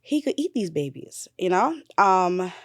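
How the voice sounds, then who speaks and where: Candid, animated woman telling her story. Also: lowish voice, a little slow, no echo, clean studio sound. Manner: candid and animated, with blunt slang and swearing. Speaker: mother sharing her son's story. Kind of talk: casual interview storytelling.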